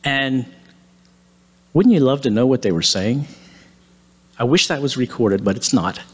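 A male preacher retelling a Bible story in a sermon, in a lively manner with casual asides. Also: medium pitch, a little slow, slightly rough.

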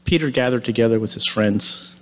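A man's voice: medium pitch, fairly quick. A man preaching, retelling a story dramatically and acting out the quoted lines. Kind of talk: sermon storytelling. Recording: long hall reverb.

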